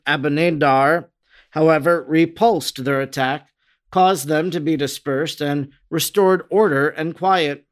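Male narrator, solemn measured reading, a touch high-pitched. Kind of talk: scripted narration.

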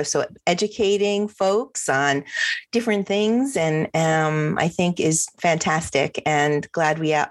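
A woman hosting a podcast, upbeat and enthusiastic, with a bubbly, chatty delivery and frequent fillers. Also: on the low side. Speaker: podcast host.

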